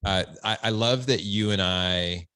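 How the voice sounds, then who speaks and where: Speaking unhurriedly in a lowish voice that is pushed, bright, clear and resonant, a man talks as a podcast guest from home, standing up. The conversational interview finds him earnest and reflective, with many restarted phrases, and the audio has no echo.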